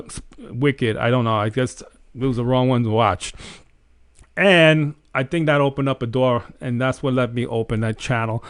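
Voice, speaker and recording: A man's voice: mid-range voice, clear, resonant tone, no echo, clean studio sound. Earnest man recounting a dream. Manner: earnest storytelling, animated retelling. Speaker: host. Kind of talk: casual testimony.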